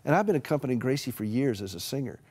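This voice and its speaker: A middle-aged man with a Southern US accent, telling folksy stories with humor and dropping to a gentle hush for emphasis as a guest on a Christian TV talk show. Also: mid-range voice, animated, rapid-fire, breathy edge. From American South. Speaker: author and caregiver advocate.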